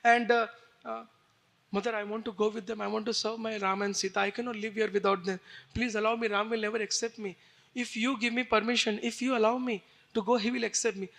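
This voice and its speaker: A man voicing an impassioned, fiercely loyal young prince, loud and emotional. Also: high-pitched, flat delivery, quick pace, vocal fry. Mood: pleading.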